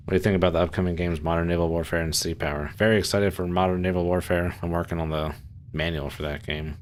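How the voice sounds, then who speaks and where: A man with an extremely deep, low voice talks loosely on a live game stream. He rambles, restarts sentences and leans on fillers. A faint hum sits under his desk-mic sound. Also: fairly even intonation, quick pace. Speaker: streamer playing a submarine sim. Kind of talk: casual live-stream chat.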